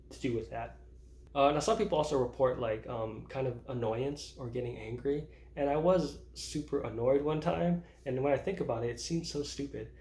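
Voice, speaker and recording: In a vlog, a man in his thirties rambles casually about his own life, restarting often and laughing at himself. His voice is medium in pitch with a darkish tone, and the recording has a roomy echo.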